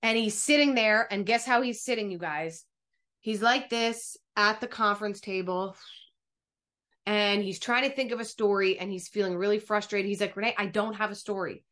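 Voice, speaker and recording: A woman speaking coach teaching an online workshop over a video call, energetic and encouraging, speaking straight to her listeners. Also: mid-range voice, normal speed.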